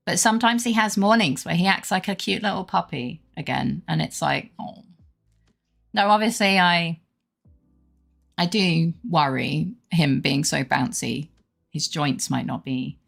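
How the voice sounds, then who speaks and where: A woman's voice: on the low side, vocal fry, a bit bright. A young woman streaming, chatting casually and rambling fondly about her dog while greeting her chat. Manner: baby-talk voice toward her dog. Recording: faint background music.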